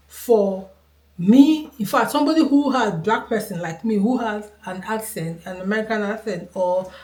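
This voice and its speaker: A woman's voice: mid-range voice, dark tone. A woman from Nigeria with a Nigerian accent gives her opinion to camera in a casual talk. She is earnest and emphatic and repeats her points for stress. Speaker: vlogger. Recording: roomy echo.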